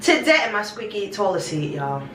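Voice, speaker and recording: A woman's voice: medium pitch, sing-song, moderate pace, noisy background. A young woman vlogging in a small bathroom, chatting to her viewers in a rambling, affectionate way and calling them her babies. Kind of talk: casual chat to camera. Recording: echoey bathroom, distant mic.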